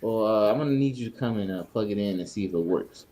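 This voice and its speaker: A man's voice: quick pace, rough recording. A man co-hosting a podcast, telling a rambling, profane work story in a casual way and acting out the people in it. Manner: animated, acts out others in raised pitch. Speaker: podcast co-host.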